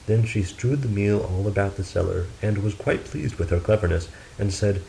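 A man narrating a fairy tale in a steady, measured storybook reading. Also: on the low side, creaky, slight background noise, poor audio.

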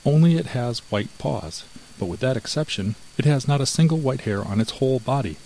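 A man's voice: mid-range voice, animated, brisk, darkish tone, slight background noise, pitched above the performer's own voice, close to an everyday voice, low-quality recording. A man voicing a greedy, sly female house cat in a storybook, cool and evasive.

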